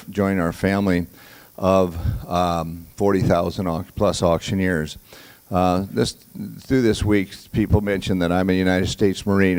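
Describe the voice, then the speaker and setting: A man hosting a graduation ceremony, speaking to the class and the audience in a halting way, with many fillers and restarts. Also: sits low, darkish tone. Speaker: auction school leader hosting a graduation.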